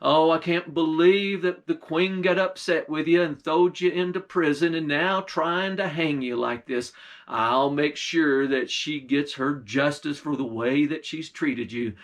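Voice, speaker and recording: A man's voice: a little high, steady tone, measured pace, lightly acted. A man playing a folksy earnest king. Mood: apologetic. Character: kindly king, magically made young.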